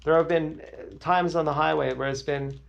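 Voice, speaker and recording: A man's voice: fairly high pitch, fairly even intonation, normal speed, vocal fry, lo-fi sound. A man livestreaming, telling crude, rambling stories in a blunt way.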